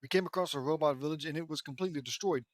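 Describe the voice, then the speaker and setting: Man, slightly high voice, dry close sound; reads fan fiction with sarcastic asides and stumbles. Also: very fast, dry recording. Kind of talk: mocking dramatic reading with commentary.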